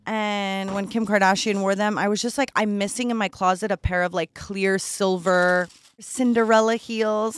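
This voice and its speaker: A woman's voice: mid-range voice, steady tone, moderate pace, no echo. A young woman hosting a solo podcast, chatting casually while unboxing gifts, gushing and a little bratty, with lots of "like" fillers. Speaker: podcast host.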